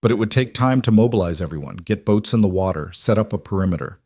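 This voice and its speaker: Low-voiced male thriller narrator. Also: animated, quick pace, darkish tone, no room sound, studio quality.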